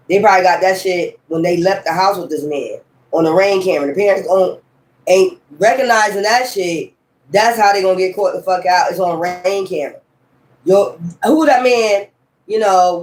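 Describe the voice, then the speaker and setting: Guy w/ a high voice doing a tarot reading, cussing and rambling, roomy echo. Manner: blunt, profane, rambling. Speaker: tarot reader. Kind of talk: casual tarot reading monologue.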